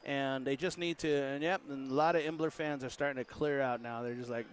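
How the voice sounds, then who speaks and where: A man giving casual play-by-play of a high school basketball game, joking and voicing what the players might be saying. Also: fairly even intonation, brisk, few pauses, a little hiss or hum. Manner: joking, voices the players' imagined words. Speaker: play-by-play announcer. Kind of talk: casual sports commentary.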